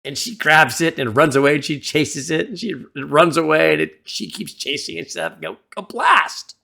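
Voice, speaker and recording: A man hosting a music reaction video, gently advising the viewer like a mentor into a desktop studio mic. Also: on the high side, normal speed, creaky. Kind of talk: casual reaction commentary. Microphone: desktop USB studio microphone.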